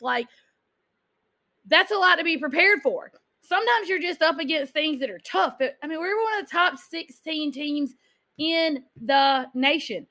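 A woman, hosting a casual solo talk show in an energetic, chatty and expressive way. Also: high voice. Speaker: podcast host.

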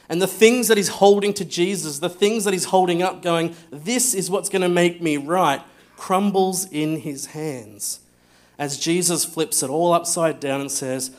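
A man preaching a sermon, telling a Bible story with energy, acting out the voices and often dropping to a hushed tone. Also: on the high side, a little slow. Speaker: pastor.

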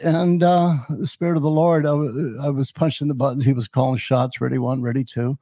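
A man's voice: mid-range voice, fairly even intonation, brisk, warm tone, no room sound. A man in his seventies, a podcast host, telling his life story in a rambling way with many fillers and restarts. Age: 70s. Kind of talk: personal storytelling.

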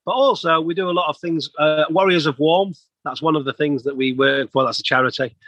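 A man's voice: on the high side, fairly even intonation, a little fast, dry recording, muffled recording. A man, a plumber telling rambling stories with laughs as an interview guest. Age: 50s. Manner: chatty, rambling anecdotes with laughs. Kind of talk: casual storytelling.

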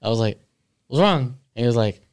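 Relaxed man telling a story. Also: mid-range voice, fairly quick, clean tone. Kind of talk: casual storytelling among friends.

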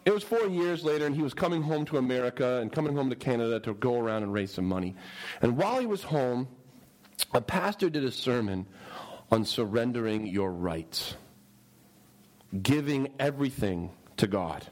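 Animated, storytelling male preacher. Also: mid-range voice, normal speed, rough recording. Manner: animated, humorous, asks the audience questions. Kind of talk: storytelling sermon.

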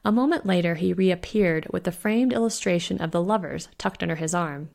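Low, gravelly woman reading a story. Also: fairly quick, hardly any pauses, darkish tone. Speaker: author reading her own story. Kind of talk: scripted narration.

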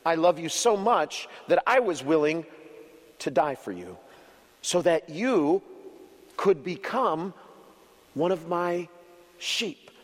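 A man voicing a calm, loving male shepherd who speaks softly and tenderly. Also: takes it slowly, pauses often, long reverb tail. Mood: gentle. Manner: low, soft and tender.

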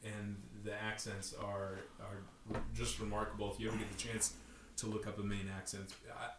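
A man chatting casually, enthusiastic and quick to laugh, talking in bursts. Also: fairly low pitch, completely flat delivery, echoey room, background noise. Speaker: conversation partner. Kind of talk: casual chat.

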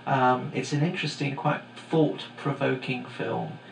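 Man, middle-aged, gravelly voice, rambling podcast monologue, echoey room with a faint hum. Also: medium pitch, steady tone, measured pace. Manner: casual, digressive, many fillers. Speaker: podcast host and teacher. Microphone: home microphone.

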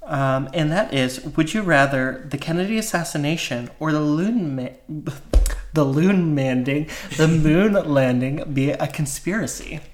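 A man's voice: fairly high pitch, a little slow. A man co-hosting a casual podcast, chatty and joking with plenty of um fillers. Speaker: podcast co-host.

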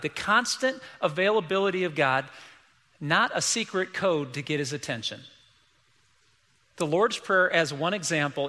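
A man's voice: a little high, pushed and bright, long reverb tail. A middle-aged man preaching a sermon as pastor, emphatic and repeating key lines, acting out quoted voices.

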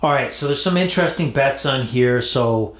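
Chatty podcast host in an echoey room. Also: male voice, mid-range voice, moderate pace, a bit bright. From Toronto area, Canada. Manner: playful, teasing, repeats himself. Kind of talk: casual sports betting chat.

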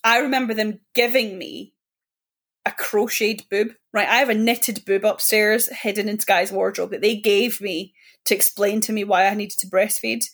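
A woman's voice: mid-range voice, steady tone, moderate pace. A woman co-hosting a podcast, telling open, rambling personal stories in casual chat. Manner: open, confiding, rambling storytelling. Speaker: podcast co-host.

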